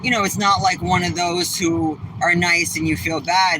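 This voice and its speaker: A man's voice: a little high, little pitch movement, moderate pace, hardly any pauses. A man with a Southeastern Massachusetts accent chatting casually to his viewers from inside his car, rambling and blunt, swearing freely. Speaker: vlogger. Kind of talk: casual livestream chat while driving. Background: faint vehicle noise.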